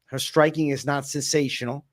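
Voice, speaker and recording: A man's voice: a little high, fairly even intonation, normal speed, no room sound, clean studio sound. A man hosting a betting podcast, talking fight picks in a loose, joking, slangy way. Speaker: MMA betting podcast host. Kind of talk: casual fight-picks chat.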